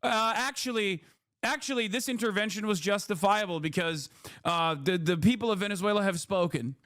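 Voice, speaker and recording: A man putting on a high, whiny voice for a flustered liberal who keeps making excuses. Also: moderate pace, fairly bright tone. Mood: whiny protest. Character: flustered pedantic liberal, eager to justify.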